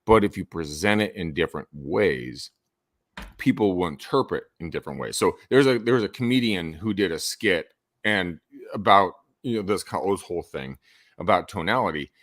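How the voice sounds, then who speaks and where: A man talks through cold-call advice in a low voice that swoops up and down with animated energy. The sound is dry, with no room around it. He coaches like a seasoned salesman. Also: normal speed, no room sound. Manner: animated, swings his voice up and down for emphasis. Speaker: real estate sales coach. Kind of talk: podcast guest advice.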